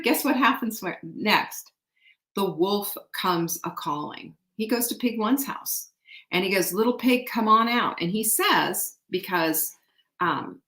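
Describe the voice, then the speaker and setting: A woman hosting a show, retelling an old folk tale in an animated, chatty way and often asking the audience to guess what happens next. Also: lowish voice. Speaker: show host. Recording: echoey room.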